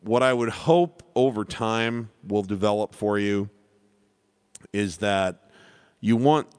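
A man's voice: fairly low pitch, takes it slowly, clear, resonant tone, no room sound, clean studio sound. Laid-back man teaching piano. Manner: relaxed, rambling, self-deprecating with many restarts. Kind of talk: casual live Q&A lesson.

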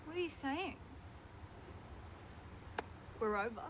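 A woman's voice: high voice, expressive, slow. An Australian woman playing a young woman who is an exasperated, put-upon girlfriend in a comedy sketch. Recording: loud background noise, distant from mic.

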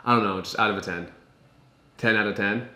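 A man's voice: on the low side, a little fast, pushed and bright, reverberant. A young man, a family vlogger, talking casually and jokingly to his viewers. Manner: jokey, upbeat, addresses viewers. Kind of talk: casual vlog talk.

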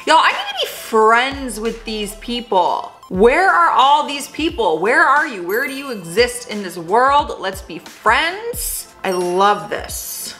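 A woman with a slightly high, bright voice talks through a casual reaction video. Her delivery is sassy and playful, swooping widely in pitch and often breaking into laughter. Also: sing-song, unhurried, few pauses, soft background music. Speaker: host reading and reacting to text messages.

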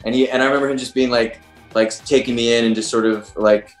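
A man's voice: mid-range voice, fairly even intonation, fast. A young man, an actor, chatting casually in an interview and rambling with lots of fillers. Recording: roomy with faint music.

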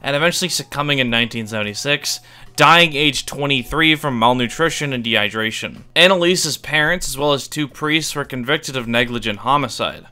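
A man narrates a scripted video with a clean, crisp voice. His delivery is wry and offhand, with casual asides and the occasional swear word played for laughs. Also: medium pitch, a little fast, bright, forceful tone. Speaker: YouTube iceberg explainer.

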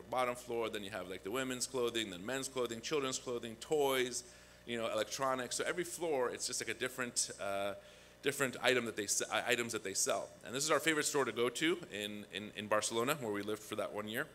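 A man's voice: mid-range voice, slight background noise. A man preaching a conversational sermon as a guest pastor, telling a personal story. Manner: conversational, animated when acting out quotes. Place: church.

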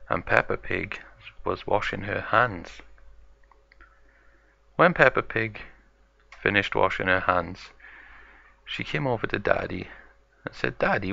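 A man narrating an improvised toy-play story in slow, simple words. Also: on the low side, gravelly, pushed and bright, no echo. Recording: dull lo-fi home recording.

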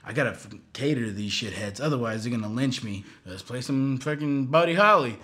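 A man's voice: medium pitch, animated, brisk, bright, forceful tone. A man voicing a frustrated, cocky young male musician who grumbles.

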